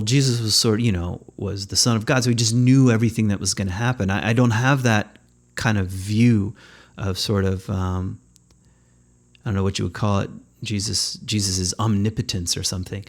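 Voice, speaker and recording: A man's voice: on the low side, fairly even intonation, normal speed. A man giving a reflective spiritual teaching talk as a podcast host, thoughtful and conversational, often searching for words.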